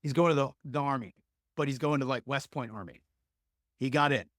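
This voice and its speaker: Speaking fairly quickly in a mid-range voice, a young adult lacrosse coach rambles earnestly through coaching anecdotes as a podcast guest, using lots of fillers. The audio is dry and of studio quality.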